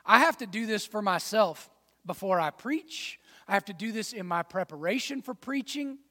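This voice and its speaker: High-voiced pastor preaching in a hall. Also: male voice, animated, moderate pace. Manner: swings from hushed asides to loud fired-up exhortation; folksy, addresses congregation as y'all and man. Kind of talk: sermon.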